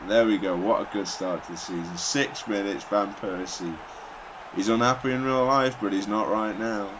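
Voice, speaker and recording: Deep-voiced man, wry gameplay commentary. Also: steady tone, moderate pace, background noise. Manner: wry, self-mocking, rambling asides. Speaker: gaming commentator. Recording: slightly dull lo-fi recording.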